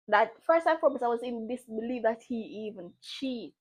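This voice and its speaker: A woman's voice: a little high, expressive, brisk, poor audio. A young woman vlogger telling a personal story, repeating phrases for emphasis and acting out the dialogue. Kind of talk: emotional storytime monologue.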